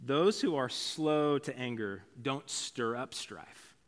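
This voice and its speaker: A man's voice: mid-range voice, expressive, takes it slowly. A male pastor preaching a sermon in a conversational, storytelling way, with casual asides. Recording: long hall reverb.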